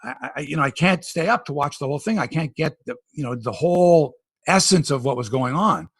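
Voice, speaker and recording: Husky-voiced Canadian man chatting sports. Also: on the high side, brisk, no room sound. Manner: animated storytelling, tangents. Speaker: podcast host. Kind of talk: casual sports chat.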